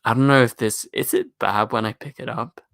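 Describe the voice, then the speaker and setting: A deep-voiced British man hosts a live stream, chatting casually and answering viewer questions into a studio microphone. His speech is brisk, creaky and a bit bright.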